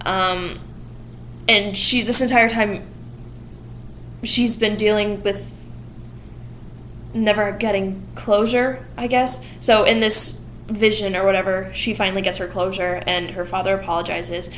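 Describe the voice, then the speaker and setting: A woman's voice: mid-range voice, steady tone, fairly bright tone, slight background noise, rough recording. Chatty young woman retelling a story. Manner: chatty, quick quoted asides, giggly. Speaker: vlogger summarizing a musical. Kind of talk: casual chat.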